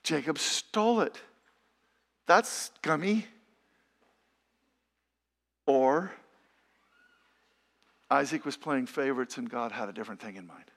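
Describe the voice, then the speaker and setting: A man's voice: mid-range voice, lively intonation, takes it slowly, pauses often, fairly bright tone. A middle-aged man preaching a sermon in a conversational, emphatic way, full of rhetorical questions. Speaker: pastor.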